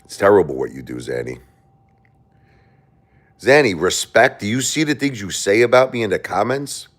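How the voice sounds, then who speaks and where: Low-voiced man arguing with his chat. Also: lively intonation, moderate pace. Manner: defensive, argumentative, repeats himself. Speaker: livestream host. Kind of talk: livestream talk to chat.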